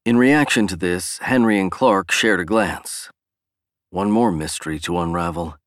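Man, audiobook narration, lowish voice, dry close sound, steady read. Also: measured pace, dry recording. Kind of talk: scripted narration.

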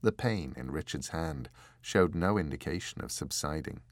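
A man narrating a fantasy novel in an expressive, measured storytelling manner. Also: extremely low pitch, no echo, clean studio sound. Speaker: audiobook narrator. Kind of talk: scripted fiction narration.

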